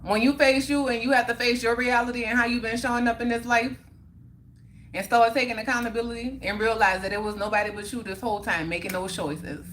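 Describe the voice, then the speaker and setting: A woman with a slightly high voice hosting a casual livestream. She chats with viewers in a motivational, preachy way about owning your choices. She laughs often as she talks. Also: steady tone, fairly quick, a bit bright, slight background noise. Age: young adult or middle-aged mother. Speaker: livestream host reading viewer comments.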